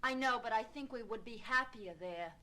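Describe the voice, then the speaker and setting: An anxious young Brooklyn woman pleads in an earnest, somewhat high voice. She is torn and insistent, and it plays as a scene from a film drama. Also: moderate pace, sharp tone, rough recording. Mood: hopeful.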